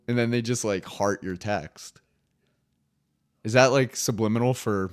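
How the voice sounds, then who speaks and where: A man's voice: mid-range voice, lively intonation, moderate pace, pauses often, dry recording, clean studio sound. A young man hosting his own podcast, rambling casually in a solo monologue, swearing freely and laughing at his own jokes. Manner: rambling, profane, laughs often. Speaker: podcast host.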